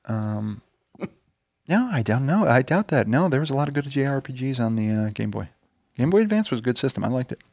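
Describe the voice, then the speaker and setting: A man's voice: mid-range voice, big pitch swings, brisk, creaky, darkish tone, no echo. A man co-hosting a casual gaming podcast, chatting in a wry, opinionated way. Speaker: podcast co-host. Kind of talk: casual chat. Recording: dry close studio mic.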